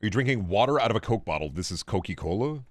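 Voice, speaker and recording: A young man with a fairly low voice keeps up casual commentary while he plays a video game on stream. He rambles between thoughts, swears freely and answers his viewers as he goes. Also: lively intonation, fast, no room sound. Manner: rambling, profane, chatting with viewers while playing.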